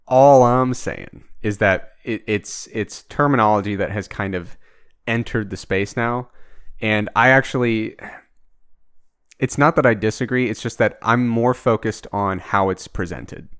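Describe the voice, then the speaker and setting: A man's voice: on the low side, a bit bright, clean tone, no room sound. A man hosting a podcast in casual chat, explaining ideas analytically through worked examples, with a dry, teasing humor. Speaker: podcast host.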